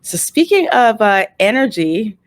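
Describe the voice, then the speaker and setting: A woman hosts a casual interview show, her pitch leaping around with bubbly energy and frequent laughter. Her voice is dry and close, with no room sound. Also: big pitch swings, a little slow, dry recording. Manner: bubbly, laughs often, many restarts. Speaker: host. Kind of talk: casual chat.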